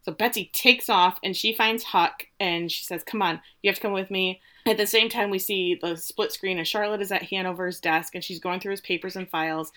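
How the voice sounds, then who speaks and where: A woman co-hosting a casual podcast, retelling a TV episode with lively quotes of the characters. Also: mid-range voice, a little fast, hardly any pauses. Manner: animated retelling, quoting characters with playful voices. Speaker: podcast co-host recapping a TV episode. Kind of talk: casual chat.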